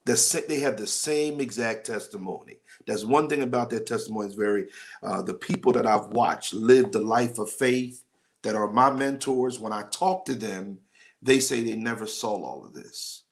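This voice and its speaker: A man's voice: fairly low pitch, moderate pace. A man preaching a live-streamed sermon as pastor, conversational and exhorting, calling on his listeners by name. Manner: exhorting, conversational, calls on the audience.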